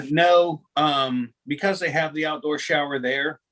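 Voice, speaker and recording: Hosting a relaxed video call, a man speaks a little slowly in a fairly high voice with a fairly bright tone. He tells meandering stories with lots of restarts and self-mockery.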